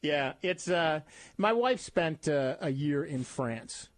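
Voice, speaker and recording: A man's voice: on the high side, expressive, slow, no room sound. A man hosting a radio talk show, chatting casually and telling rambling, self-mocking stories. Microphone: studio microphone.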